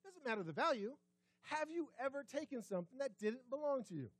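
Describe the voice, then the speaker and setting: A man's voice, high and animated, swinging widely in pitch as he preaches. He talks to the congregation with rhetorical questions and sinks to a hushed, quiet tone to drive points home. The sound is close and dry, with little room around it. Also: brisk, husky, no room sound. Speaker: pastor. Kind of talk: sermon. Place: church sanctuary.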